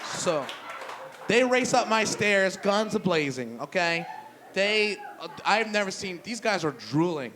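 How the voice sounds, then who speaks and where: A young man telling a profane stand-up story on a brewery stage, loose and conversational, dropping low for punchlines. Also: big pitch swings, unhurried, noisy background. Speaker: stand-up comedian. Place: brewery stage before a live audience.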